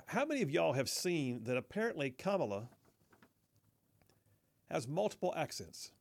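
A man's voice: fairly high pitch, big pitch swings, normal speed, gravelly, slight background noise. A man hosting a political talk radio show, mocking and folksy, often saying y'all, speaking in a studio.

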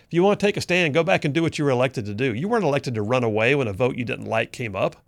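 Man, radio talk host, gravelly voice, dry studio sound, folksy sarcastic delivery. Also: medium pitch, animated, racing, no room sound. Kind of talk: conservative political talk radio.

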